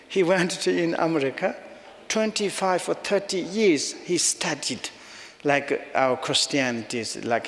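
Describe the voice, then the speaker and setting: A male Buddhist teacher delivers a dharma talk in halting, non-native English, pausing often and chuckling at his own jokes. His voice sits a touch higher than most men's. Every word rings out in a hall with a long echo.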